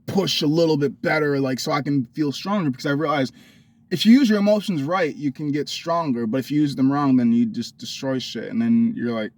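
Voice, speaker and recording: A man's voice: on the high side, fairly quick, a little mellow, dry recording. A man telling a candid personal story to his viewers, blunt and profane, rambling with restarts. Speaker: vlogger.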